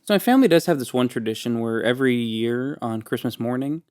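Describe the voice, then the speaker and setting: A young man co-hosting a casual podcast chat, making dry, deadpan jokes. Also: medium pitch, quick pace, clear, resonant tone. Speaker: podcast co-host.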